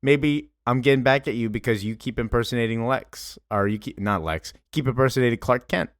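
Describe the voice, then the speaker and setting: Playful, teasing young woman, pitched up, as a man puts her on, dry close sound. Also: brisk, no echo, lightly acted.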